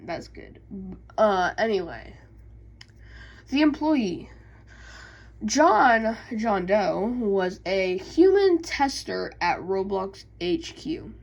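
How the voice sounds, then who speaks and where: A woman YouTuber reading game lore aloud with casual asides, halting and stumbling over words. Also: mid-range voice, muffled recording.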